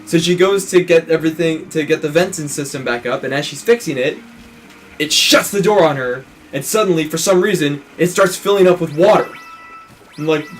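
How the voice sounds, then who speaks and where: Man, let's play host, casual movie recap, slightly high voice, acts out quotes. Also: a little fast, faint music behind. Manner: animated storytelling, acting out quotes, swearing, laughing.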